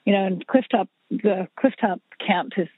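On a podcast, a woman with a medium-pitched voice speaks at normal speed, telling long, chatty stories about her family's music with frequent fillers and restarts. The casual interview storytelling comes through with no echo over a husky, dry, phone-like line.

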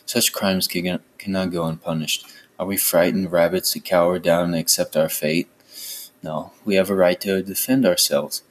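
A man voicing a determined young villager from a storybook. He speaks low, quiet and resolute. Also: fairly even intonation, normal speed, slight background noise, lightly acted.

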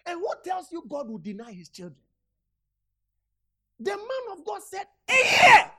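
A woman preaching a sermon, retelling a scripture story and urging her listeners with repeated calls and sudden shouts. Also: very high-pitched, huge pitch swings, unhurried. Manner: repetitive, urgent exhortation with sudden shouts.

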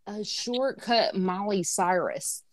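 A woman's voice: medium pitch, takes it slowly, no room sound. A woman co-hosting a horror podcast, telling stories in a brash, profane, laughing way. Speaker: podcast co-host. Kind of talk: casual chat.

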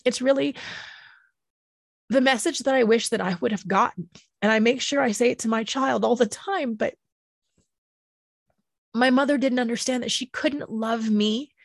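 Gentle, emotional woman speaking slowly. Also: fairly high pitch, gravelly, dry recording, studio quality. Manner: gentle, slow and tender, pausing often. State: emotional, near tears. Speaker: speaker sharing personal healing. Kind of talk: reflective personal talk.

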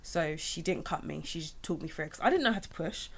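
Young woman, kinda low voice, rambly and candid, lots of likes. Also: animated, quick pace, vocal fry. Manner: candid, rambling, with many restarts and "like". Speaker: guest sharing her birth story. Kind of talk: casual chat.

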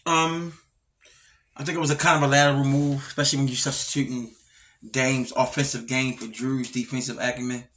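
Bright-voiced man, casual podcast chat. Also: medium pitch, level tone, brisk. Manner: laid-back, rambling, trails off and restarts. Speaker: podcast co-host.

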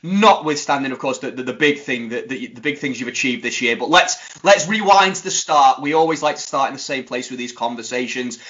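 Jokey male podcast host, bright forceful voice, lo-fi recording. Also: mid-range voice, fairly quick, hardly any pauses. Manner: jokey, animated banter. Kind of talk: casual podcast chat. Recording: dull lo-fi sound.

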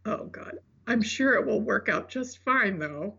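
A woman co-hosting a podcast with a raspy, gravelly voice and a bubbly, playful manner. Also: mid-range voice, animated, unhurried, sharp tone. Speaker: podcast co-host. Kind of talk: casual podcast chat, reading segment. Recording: dull lo-fi audio.

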